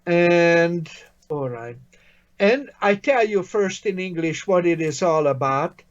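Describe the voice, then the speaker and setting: A man with a fairly high voice teaches a language lesson at a slow, unhurried pace. He sounds patient and encouraging and praises his student often. The recording is a little dull and muffled. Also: expressive.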